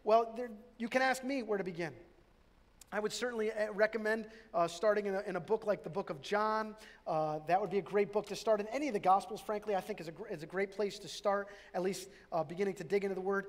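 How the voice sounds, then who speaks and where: High-voiced man preaching in a reverberant hall. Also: fast talker. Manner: conversational, with restarts and self-deprecating jokes. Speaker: pastor. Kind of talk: sermon. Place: church sanctuary.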